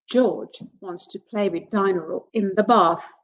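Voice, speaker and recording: A woman teacher reading a picture book aloud to young children in an expressive storybook voice. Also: medium pitch, poor audio. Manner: slow, expressive, sing-song.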